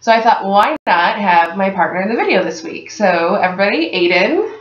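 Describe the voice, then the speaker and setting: A woman's voice: mid-range voice, expressive, fairly quick. A woman hosting a casual vlog chat in an upbeat, affirming way. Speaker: vlog host. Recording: echoey room, dull lo-fi sound, faint noise.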